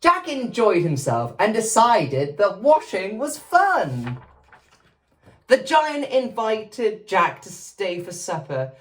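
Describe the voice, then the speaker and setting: A woman reading a children's picture book aloud, expressive and playful. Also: medium pitch, slow pace, distant mic. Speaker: storyteller.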